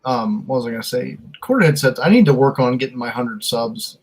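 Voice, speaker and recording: Host, easygoing and rambling, mid-pitched everyday voice. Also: expressive, fairly quick, slightly rough, rough recording. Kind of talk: casual chat.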